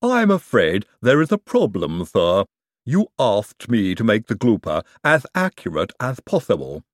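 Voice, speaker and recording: A man voicing a calm, polite male servant who answers in a measured, deferential way. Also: lowish voice, dry recording, clean studio sound.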